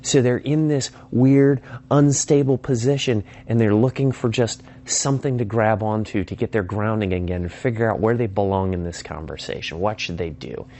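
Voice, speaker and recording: A man's voice: lowish voice, moderate pace, few pauses, dark tone. A man giving an instructional talk on phone sales, emphatic and acting out sample call lines. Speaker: sales trainer.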